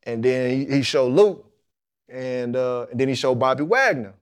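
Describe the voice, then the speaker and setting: Guy in his 30s on a podcast, telling it loose and animated, middle pitch. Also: moderate pace, clean tone. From Mississippi, USA. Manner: animated storytelling, colloquial, acts out the voices of the people in his story. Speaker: guest, football player. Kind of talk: storytelling in a podcast interview.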